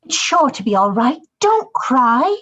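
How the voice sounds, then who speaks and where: A woman's voice: high-pitched, sing-song, measured pace, fairly bright tone, breathy edge, full character voice. Woman playing a chattering bridesmaid. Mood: reassuring.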